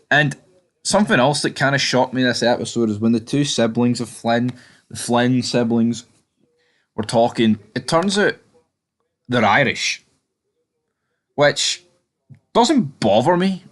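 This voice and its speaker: A man's voice: mid-range voice, fairly bright tone. A young man giving a casual, rambling recap of a TV episode, full of fillers and restarts. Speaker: TV episode reviewer.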